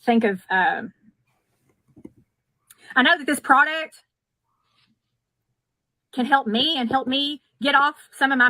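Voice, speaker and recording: A woman giving an earnest, confiding sales pitch, played back sped up at one and a half speed. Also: pushed and bright, no room sound. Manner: earnest, confiding, keeps saying okay. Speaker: product seller.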